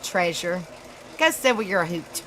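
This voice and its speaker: A woman with a Southern US accent hosting a casual live stream, chatty and laughing at herself often, in a dark room. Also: fairly low pitch, big pitch swings, normal speed, a little hiss or hum, low-quality recording. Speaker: livestream host.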